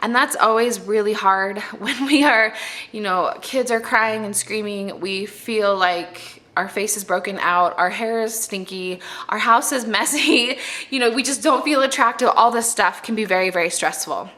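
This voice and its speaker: A woman's voice: medium pitch, moderate pace, pushed and bright. A young pregnant woman talking to camera in a casual vlog, giving earnest, heartfelt advice to other moms. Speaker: mommy vlogger.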